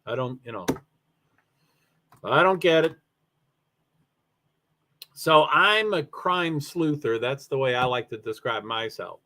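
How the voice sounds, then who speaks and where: A man's voice: medium pitch, animated, slow, pauses often, pushed and bright. A very tired man, yawning, chatting in a rambling way with many fillers while running a solo livestream about racing. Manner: rambling, self-interrupting with fillers. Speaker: live streamer.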